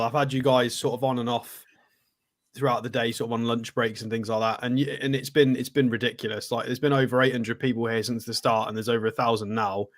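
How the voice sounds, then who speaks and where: A man's voice: mid-range voice, fairly bright tone. A man co-hosting a live football stream, talking in an enthusiastic, emphatic way. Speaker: co-host.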